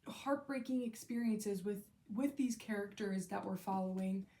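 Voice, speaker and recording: Gushing emotionally about her favorite books, a young book vlogger delivers a casual review monologue full of "like," fillers, and trailing-off sentences. Her voice is medium-pitched with a darkish tone.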